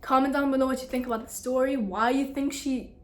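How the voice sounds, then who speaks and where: A young woman vlogger telling a story to the camera in a casual, animated, exasperated way. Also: sits high, fast talker.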